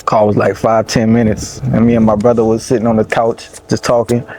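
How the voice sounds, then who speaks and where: A young rapper with a Louisiana accent tells a personal story in a casual interview, loose and rambling, full of "you know what I'm saying." His voice is fairly low, monotone, and darkish, fairly quick, with faint background noise.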